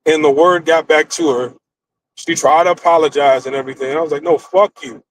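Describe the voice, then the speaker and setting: American guy streaming, cussing and ranting, kinda high voice, blunt and animated. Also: brisk, slight background noise, poor audio. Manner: blunt, profane, animated storytelling. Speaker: streamer host. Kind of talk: casual storytelling rant.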